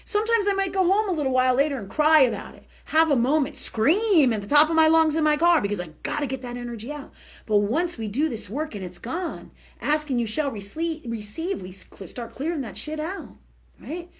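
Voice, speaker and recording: A woman's voice: high-pitched, animated, brisk, lo-fi sound. A woman hosting a spiritual health show, speaking bluntly with plenty of profanity, laughing often, and slipping into repetitive healing prayers. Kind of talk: candid spiritual talk on a live show.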